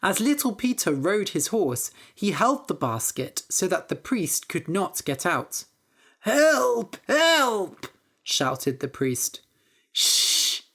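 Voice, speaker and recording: A woman narrating a simple story for English learners, clear and deliberate. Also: deep voice, lively intonation. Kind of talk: slow scripted story narration.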